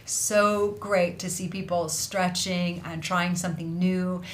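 Speaking slowly in a lowish, steady voice, this woman hosts a relaxed craft livestream for an online felting school, with slight background noise behind her. She's bubbly and effusive, laughing often as she reads viewers' messages aloud.

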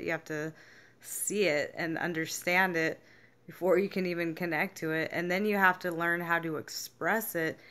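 On the low side yet bright and forceful, this young adult woman's voice carries a casual, candid self-help vlog about feelings. She's frank, swears freely, and acts out what people said to her.

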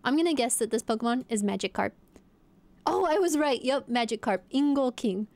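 A young woman streaming, chatting playfully with her viewers as she guesses aloud. Her voice sits a little high, and she keeps it casual and upbeat. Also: lively intonation, brisk, darkish tone. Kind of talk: casual live-stream chat.

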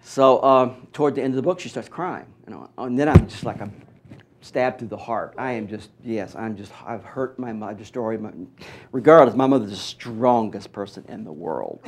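A middle-aged man from Mississippi, an author being interviewed, telling stories in an animated, wry way and acting out what others said. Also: on the low side, moderate pace, a little hiss or hum. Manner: animated, wry storyteller who acts out quotes. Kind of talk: storytelling in an interview.

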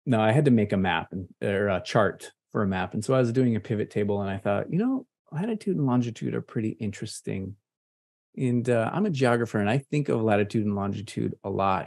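A man from Michigan with a Midwestern American accent, presenting a casual, playful software tutorial over a video call. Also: on the low side, vocal fry. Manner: playful, nerdy asides, chatty and relaxed. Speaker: presenter at an online meetup. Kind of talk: casual screen-share tutorial. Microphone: computer mic on a video call.

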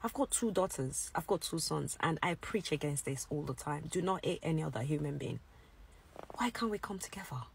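A woman's voice: low voice, a little fast, creaky, hardly any pauses, a little mellow, a little hiss or hum. A woman from the UK, a mother, ranting in an exasperated, pleading way in a casual vlog. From United Kingdom.

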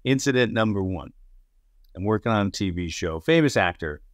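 A man with a low voice tells his stories from film and TV sets in a loose, animated way, acting out the lines of the people in them and swearing as he goes. The sound is dry and close, with no room heard behind him. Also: normal speed, no echo. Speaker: podcast co-host and actor. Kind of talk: casual storytelling chat.

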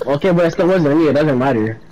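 A man in game voice chat who keeps protesting his innocence, pleading and defensive. His voice sits a little high and comes through distant over the chat. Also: lively intonation, fast, crowd noise. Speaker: player in voice chat.

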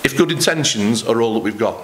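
A man preaching a sermon in church, acting out the quoted lines with lively emphasis. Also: mid-range voice, brisk, a little hiss or hum. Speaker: pastor.

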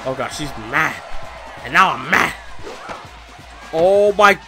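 High-voiced young dude yelling crude trash talk over a wrestling game, bright tense tone, bouncy pitch, game music faint behind. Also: male voice, expressive, takes it slowly, long pauses. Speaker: gameplay commentator. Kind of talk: let's play commentary.

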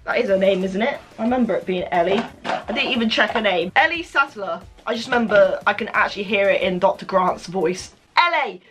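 A young woman filming an unboxing vlog, excitable and gushing, breaking into squeals and laughter. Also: mid-range voice, a little fast, faint music behind. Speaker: YouTuber.

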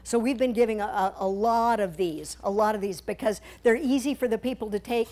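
A woman's voice: on the high side, brisk, darkish tone. A woman speaking to a church congregation about a mission trip, walking through slides in a conversational, humorous way with playful asides. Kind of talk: church talk presenting slides. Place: church sanctuary.

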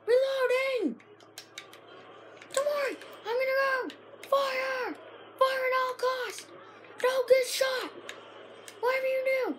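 A woman giving frantic, excited commentary while playing a shooter game, often shouting and yelping. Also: extremely high pitch, unhurried, pauses often, a little hiss or hum. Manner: frantic, shouts and yelps at the action. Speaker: gaming video creator.

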